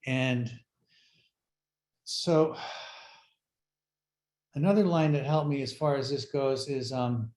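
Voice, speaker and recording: A middle-aged man sharing his recovery story at a workshop, speaking in a halting, reflective way with many fillers and restarts. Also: mid-range voice, a little mellow. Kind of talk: personal sharing talk.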